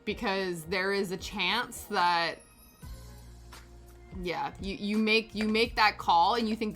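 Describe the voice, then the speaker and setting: A woman talks casually while knitting at home, rambling from one thought to the next and laughing often. Her voice sits at an ordinary middle pitch. Soft music plays faintly behind her. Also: a little slow. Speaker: knitting streamer. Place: home, on a sofa. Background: faint background music.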